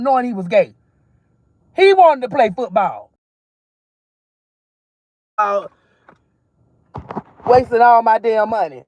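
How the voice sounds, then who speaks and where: A woman's voice: sits high, no room sound, muffled recording. Blunt, heated woman ranting. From Georgia, US. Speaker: mother vlogger. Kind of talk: casual ranting vlog. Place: in a car while driving.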